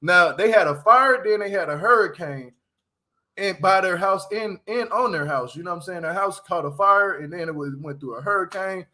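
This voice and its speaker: Young man, high voice, bright tone, slangy rambling commentary, frequent laughs. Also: moderate pace. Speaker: reality TV recap vlogger. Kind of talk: casual commentary.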